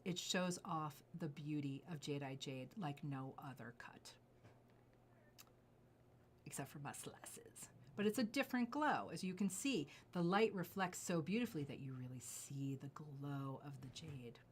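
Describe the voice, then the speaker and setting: A woman's voice: deep voice, lively intonation, normal speed, hardly any pauses, slight background noise. Gushing, effusive woman showing off jewelry. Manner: gushing, effusive, drops to soft asides while showing pieces. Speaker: jewelry designer and seller. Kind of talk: enthusiastic product showcase.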